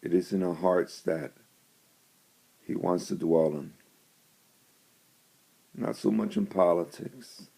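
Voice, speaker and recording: A man telling a story and then preaching on scripture, in a slow and deliberate way. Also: low voice, fairly even intonation, creaky, warm tone, husky. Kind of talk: storytelling devotional.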